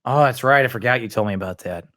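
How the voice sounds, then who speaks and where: A man's voice: medium pitch, a bit bright. A young man hosting a podcast, chatting casually and joking playfully. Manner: playful, quick to joke and tease. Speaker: podcast host.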